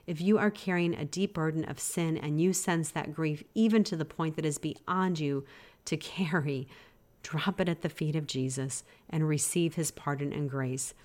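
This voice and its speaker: A woman hosting a devotional podcast, teaching in an earnest, gently exhorting way. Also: sits low, normal speed. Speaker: podcast host.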